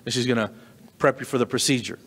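A man voicing a businesslike female hospital nurse asking routine questions in a flat tone, during stand-up. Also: mid-range voice, fast talker, natural voice. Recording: long reverberant hall.

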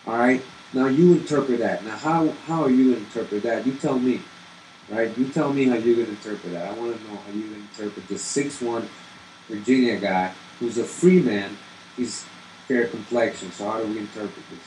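A genealogy video host with a medium-pitched, slightly mellow voice reads colonial muster rolls aloud, adding commentary and challenging viewers with rhetorical questions. The room is echoey, with a faint air-conditioning hum.

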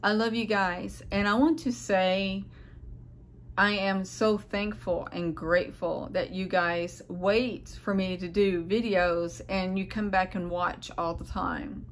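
A woman's voice: mid-range voice, steady tone, slow, a little hiss or hum. A tired, unwell middle-aged woman speaking to her viewers in a rambling, hesitant, heartfelt vlog monologue, often searching for words. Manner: earnest, heartfelt address to viewers. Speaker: vlogger. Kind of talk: casual personal vlog monologue.

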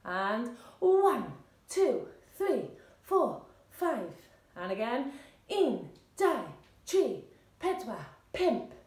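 A woman, an encouraging fitness instructor who leads a seated warm-up with cheery whoops. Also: fairly high pitch, sing-song, very slow. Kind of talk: leading a seated exercise warm-up. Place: indoor room, seated on a chair. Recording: echoey room.

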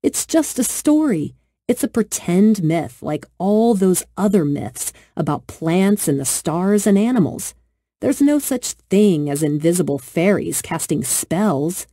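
A woman's voice: lowish voice, lively intonation, measured pace, dark tone, no echo, studio quality. A woman voicing a timid little girl who talks nervously and pleads, in a storybook reading. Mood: self-reassuring.

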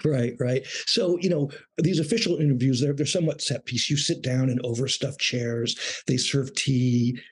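A middle-aged man, a guest on an interview show, talking in a measured, thoughtful way about his years as a foreign correspondent. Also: medium pitch, fairly even intonation, breathy edge. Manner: measured, thoughtful, with small restarts. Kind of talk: reflective interview talk.

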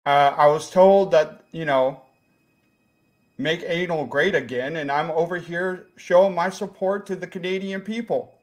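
A man voicing a clueless, crude visitor from Jacksonville with a put-on Jacksonville drawl and a halting, naive delivery. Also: fairly high pitch, natural voice. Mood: naive, earnest. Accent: put-on Jacksonville, Florida.

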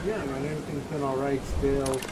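A man's voice: mid-range voice, heavy background noise. A man chatting casually and calling out plays while streaming a shooter game with his squad, loose and joking. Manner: loose, joking, quick excited callouts. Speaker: streamer playing a battle royale game with a squad. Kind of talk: casual gaming chat and callouts. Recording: game gunfire loud under the voice.

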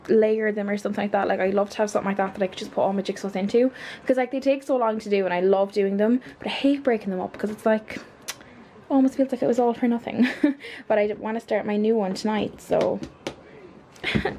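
Gushing, excitable young Irish woman. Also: medium pitch, a little fast, slight background noise. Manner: gushing, excitable, chatty with many fillers. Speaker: vlogger. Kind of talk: casual vlog chat.

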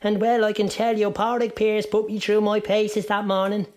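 A performer voicing a chatty, folksy old Irish woman who tells her story with big swings in pitch. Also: flat delivery, moderate pace, close to an everyday voice. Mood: gossipy.

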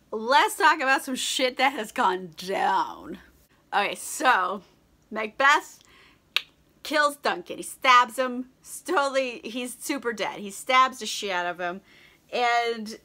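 A bright-voiced young woman talks fast and loose, a little tipsy from wine, laughing between lines. She recaps a story in casual chat, stuffing her sentences with "like" and putting on quick silly voices for the characters. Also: a little high, lively intonation. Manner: chatty, giggly, lots of likes, mock-voices characters. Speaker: book vlogger.

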